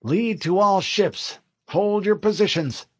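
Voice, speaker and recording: A man voicing a male fleet admiral in an audiobook, giving orders over a ship's comm, calm at first and then bellowing. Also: high-pitched, slow, pitched above the performer's own voice. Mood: calm command.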